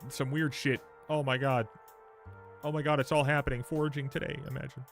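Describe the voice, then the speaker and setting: A young man livestreaming a game, chatting casually with viewers, swearing freely and reacting loudly while reading patch notes aloud. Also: mid-range voice, moderate pace, pauses often, faint music behind. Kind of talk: casual live game stream.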